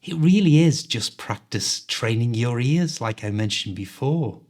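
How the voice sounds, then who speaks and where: Mild Scouse man, mid-pitched, clear teacherly quiz host. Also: animated, measured pace, a little mellow. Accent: Liverpool Scouse, mild. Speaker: podcast host, English teacher. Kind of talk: quiz host, scripted podcast.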